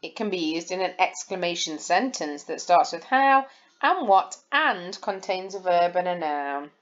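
A woman's voice: fairly low pitch, sing-song, a little slow, lo-fi sound. A woman, a primary school teacher giving a recorded lesson and explaining patiently, step by step, to young children. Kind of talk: recorded lesson over slides.

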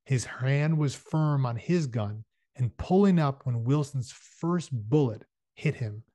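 A man reads a novel aloud and breaks off for casual asides, with fillers. His voice is middle-pitched. The sound is dry and close. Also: animated, slow pace, warm tone, no room sound. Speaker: reader. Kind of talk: reading a novel aloud with commentary.

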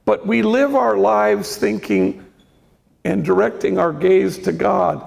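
Gravelly older man storytelling in a hall. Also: sits high, sing-song, slow. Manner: gentle, reflective storytelling with quoted dialogue. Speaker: priest giving a talk. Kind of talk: storytelling lecture on faith. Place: large lecture hall. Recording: reverberant hall.

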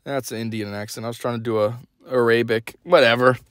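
A man's voice: medium pitch, fairly even intonation, brisk, dry recording. A young man hosting a podcast, delivering a blunt, sarcastic opinion rant. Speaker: podcast host.

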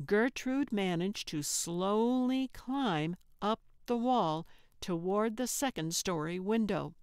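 A woman narrating an audiobook in a measured storytelling manner, on a close studio mic. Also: medium pitch, smooth, dry recording.

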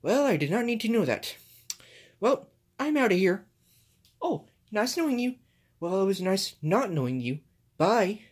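A woman's voice: medium pitch, very animated, unhurried, long pauses, darkish tone, husky. A woman voicing a grumpy, rude male green ogre, sighing and grumbling in home toy play-acting.

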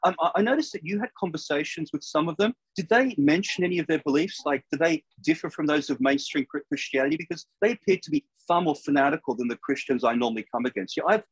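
An older man hosting an interview over a video call, speaking in a measured, thoughtful way. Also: fairly high pitch, husky, no room sound, low-quality recording. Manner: measured, thoughtful, with small restarts. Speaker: podcast host.

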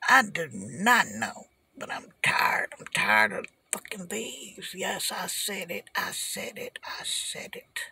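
An older woman, ranting as a delivery driver from her parked car in an animated, repetitive way, swinging from shouting to whispering. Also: fairly low pitch, slow, gravelly, husky, no echo. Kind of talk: ranting vlog.

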